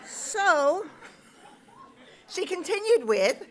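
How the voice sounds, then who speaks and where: A woman's voice: fairly high pitch, lively intonation, moderate pace, a bit bright. A middle-aged woman reading her own comic personal essay aloud at a live show, self-mocking with punchy timing.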